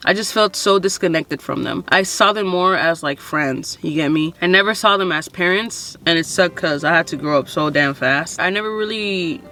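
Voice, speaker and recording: A woman's voice: on the low side, normal speed, hardly any pauses, sharp tone. A woman in her twenties telling her own story to camera in a casual, frank way, swearing often and filling with "like" and "you know". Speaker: vlogger.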